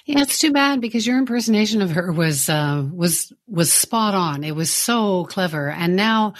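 A woman co-hosting a podcast, talking in a relaxed, conversational way. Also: mid-range voice, moderate pace. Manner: conversational, with fillers and restarts. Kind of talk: casual interview chat.

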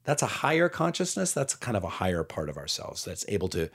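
A man in casual conversation as a podcast co-host, talking in a reflective, gently playful way that trails into soft asides. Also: low-pitched, very animated, fast talker, slightly rough.

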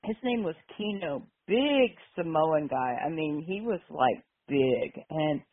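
A woman's voice: deep voice, lively intonation, takes it slowly, slightly rough. An older woman from Arkansas calls in to share stories, laughing often and acting out the people she talks about. Her voice comes through a tinny phone line. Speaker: caller. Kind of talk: casual phone-in storytelling.

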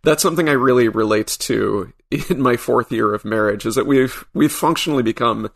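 A man's voice: mid-range voice, brisk, vocal fry. A man being interviewed as a comic book writer, speaking thoughtfully with a dry, wry sense of humor. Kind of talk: casual podcast interview.

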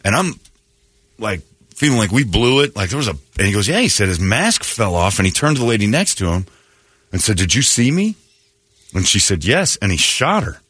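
This morning radio host speaks fairly low and brisk, his voice carrying a breathy edge, with no echo on the recording. His casual chat is all animated storytelling, acting out both sides of exchanges, offering blunt views and swearing at times.

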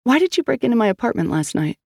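A man's voice: extremely high pitch, very animated, racing, vocal fry, a little mellow, slightly rough, no room sound, studio quality, voice pushed up, heavily acted. A man doing a blunt, tough woman detective. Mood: demanding.

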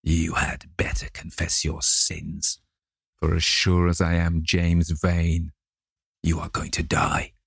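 A man reading an audiobook, voicing a gruff vengeful sailor who speaks in slow, growling threats. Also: deep voice, completely flat delivery, fairly bright tone, no room sound, clean studio sound, exaggerated voice. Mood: menacing.

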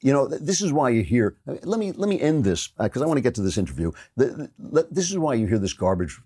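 A man's voice: medium pitch, big pitch swings, quick pace, dark tone, husky. A man hosting a political commentary show, delivering a sarcastic, mocking opinion monologue.

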